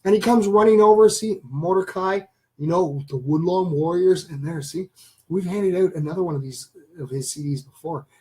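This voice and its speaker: A man hosting a casual live stream, rambling enthusiastically to his viewers and addressing them as ladies and gentlemen. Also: high voice, normal speed, poor audio. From Canada. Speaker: channel host.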